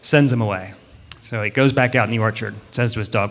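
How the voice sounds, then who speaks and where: A man telling a children's story at church in a relaxed, lightly rambling way. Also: fairly low pitch, brisk. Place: church sanctuary. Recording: long hall reverb.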